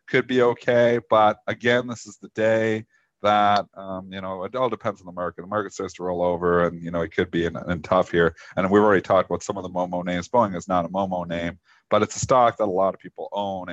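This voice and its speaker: A man's voice: deep voice, no echo, muffled recording. A man co-hosting a live trading talk show, talking markets casually and teasing his co-host. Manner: joking, teasing, laughs often.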